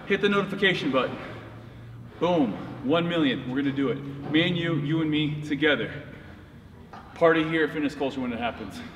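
A man's voice: fairly high pitch, brisk, a bit bright, highs cut off. A man filming a casual, jokey fitness vlog inside a gym. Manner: jokey and playful. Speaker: fitness vlogger. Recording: long gym reverb, faint noise.

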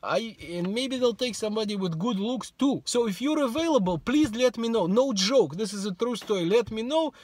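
Russian-accented man, high voice, self-mocking vlog. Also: a little hiss or hum. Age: middle-aged. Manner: self-mocking, deadpan humor. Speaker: YouTuber. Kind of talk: casual vlog monologue to camera.

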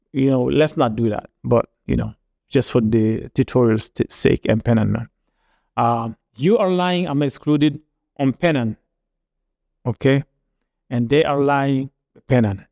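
Gravelly-voiced man teaching a language lesson. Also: mid-range voice, warm tone. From Niger. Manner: patient explaining with frequent repeats and restarts.

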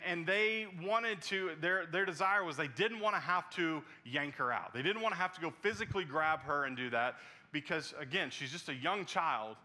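A male pastor with a bright, ringing voice that sits a little high. He preaches in an earnest storytelling way, often sinking to a near hush for the tender moments. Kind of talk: sermon.

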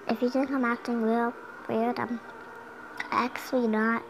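A woman's voice: fairly high pitch, little pitch movement, measured pace, pauses often, slight background noise, rough recording. A young girl casually talking through a game at home, chatty and giggly, sometimes humming along. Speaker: gameplay commentator. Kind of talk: casual gameplay commentary. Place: home room.

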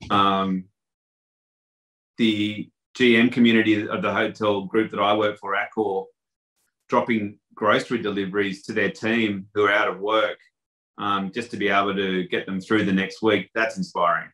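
Man, low bright voice, rambling anecdotal interview guest. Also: little pitch movement, moderate pace, rough recording. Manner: anecdotal, lots of fillers and restarts. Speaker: hotel industry guest. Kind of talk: casual interview storytelling.

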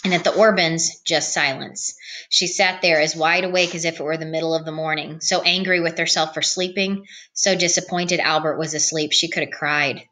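A woman reading a novel aloud as an audiobook narrator, in a calm, even read-aloud manner. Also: deep voice, moderate pace. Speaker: audiobook reader. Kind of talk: storybook narration.

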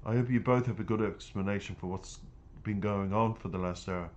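A man's voice: fairly low pitch, a little fast, darkish tone, natural voice. A man voicing Madame, a domineering middle-aged woman who scolds and reproaches. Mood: reproachful.

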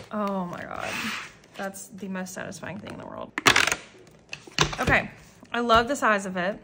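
A woman talking casually in an unboxing vlog at home, gushing and excitable as she chats on. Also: mid-range voice, background noise. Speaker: planner vlogger. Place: common room at home, indoors.

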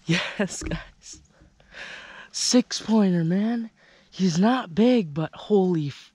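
A bowhunter in the woods talks to the camera in hushed, breathless bursts, shaking with excitement and elated. The delivery is slow and drawn out, with the voice sitting in a middle pitch. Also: no room sound. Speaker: bowhunter filming own hunt. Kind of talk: excited hunting vlog commentary.

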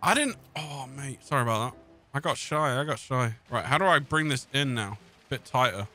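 A young man trash-talks his friend over a headset with swaggering, joking confidence. His voice is bright and forceful, sitting a touch high and swinging widely in pitch, with faint music behind. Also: lively intonation, moderate pace. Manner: cocky, joking. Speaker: gamer. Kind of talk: casual gaming banter.

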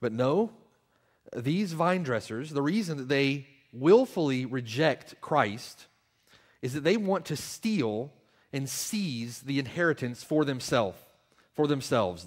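A male pastor preaching a sermon, repeating his questions and swinging from hushed reflection to loud, pleading appeals. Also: mid-range voice, very animated, takes it slowly. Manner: rhetorical repetition and questions.

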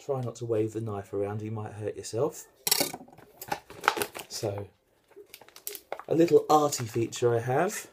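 Chatty British man with a dark voice. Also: mid-range voice, normal speed, creaky, pauses often, a little hiss or hum. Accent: British English. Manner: chatty, joking, self-deprecating. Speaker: home cook and channel host. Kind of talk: casual cooking demonstration. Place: home kitchen in the morning.

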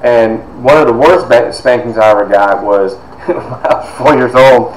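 A Toledo, Ohio author and speaker shares personal stories at a measured pace in a mid-range voice. He's animated and chatty, often veering into asides. The recording carries echo from the room and a little faint noise.

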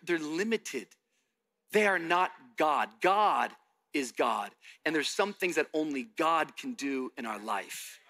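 A man's voice: high voice, sharp tone. A young adult man from Miami preaching a sermon, telling a story with animation and acting out the dialogue. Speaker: pastor.

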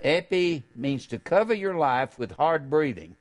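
An older male preacher delivers a fervent sermon in a slightly raised voice. He stretches key phrases slowly, then breaks into sudden loud, high bursts. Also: animated.

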